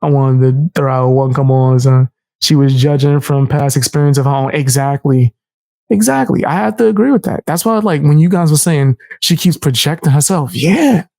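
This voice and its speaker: A young man streaming, talking in brash, profane trash talk and laughing often, with his voice jumping sharply higher when he mocks someone. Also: moderate pace, vocal fry, no echo. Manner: animated, jumping sharply high when mocking. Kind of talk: casual stream commentary.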